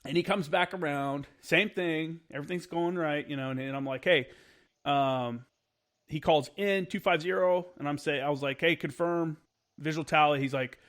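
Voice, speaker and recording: A former Marine, appearing as a podcast guest, tells candid war stories, cursing freely and acting out old radio calls. His voice is on the high side with a fairly bright tone, and his casual delivery is halting and full of fillers.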